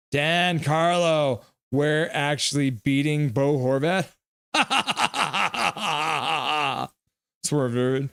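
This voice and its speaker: On a live stream, a young man calls hockey action and reads the chat out loud, his delivery excitable and goofy. His voice is medium in pitch.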